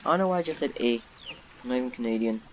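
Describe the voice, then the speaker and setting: A young man giving casual, rambling commentary while playing a zoo game, getting excited easily. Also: mid-range voice, very fast, slight background noise. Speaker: gaming YouTuber. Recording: background game music.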